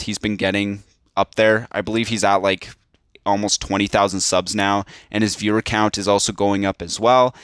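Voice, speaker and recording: A young man ranting to his viewers in a casual, monotone and frustrated way. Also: on the low side, smooth, dry recording, clean studio sound. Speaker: YouTube commentator. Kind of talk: casual rant to camera.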